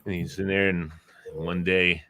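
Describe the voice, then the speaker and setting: Speaking a little slowly in a low voice, this male host is an animated storyteller in a casual chat. He revisits old radio bits, acting out the voices of each.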